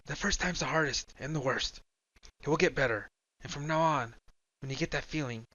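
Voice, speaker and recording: A man voicing a bold, teasing young woman who holds a magic coin, speaking high and bouncy in an audiobook. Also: fairly quick, bright, forceful tone, no echo, highs cut off. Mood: reassuring.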